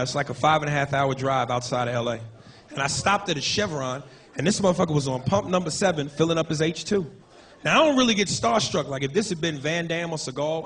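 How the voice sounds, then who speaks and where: Brash high-voiced male stand-up comic. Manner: brash and profane, shouting impressions mid-story. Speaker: stand-up comedian. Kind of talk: stand-up comedy set. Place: comedy club stage.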